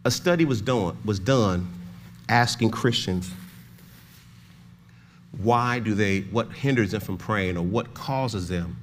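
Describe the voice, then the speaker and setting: An older man preaching a sermon as pastor, swinging from shouted pleading to hushed, low emphasis. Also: slow pace, long pauses, a little hiss or hum.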